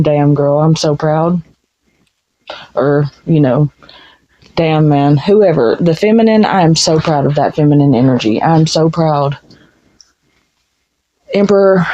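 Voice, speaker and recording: A woman's voice: deep voice, a little slow, pauses often, warm tone. A woman giving a casual tarot reading, blunt and frank, swearing freely. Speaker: tarot reader. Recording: dull lo-fi sound.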